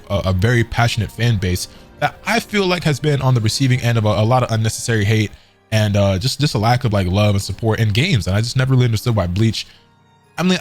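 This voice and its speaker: Casual game commentator, male, low voice, quick, hiccuping, faint music bed. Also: darkish tone. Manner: casual, filler-heavy rambling. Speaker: gaming commentator. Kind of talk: reading an article and commenting.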